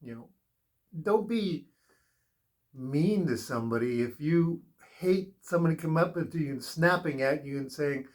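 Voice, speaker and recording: A man's voice: on the high side, measured pace, a little mellow. A man giving a spiritual tarot reading in an earnest, rambling, advice-giving way, drifting into personal stories. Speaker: tarot reader.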